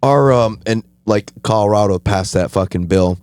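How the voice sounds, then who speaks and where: A man co-hosting a podcast in casual, profane chat, often agreeing with quick fillers and laughing along. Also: fairly low pitch, flat delivery, a little mellow, clear, resonant tone, no room sound. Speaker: podcast co-host.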